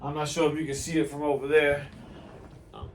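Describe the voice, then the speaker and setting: A man's voice: a little high, little pitch movement, fairly quick, far from the mic, slight background noise. A man hosting a casual toy unboxing, joking and teasing his guest, laughing often. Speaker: toy reviewer host. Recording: roomy, from off-mic.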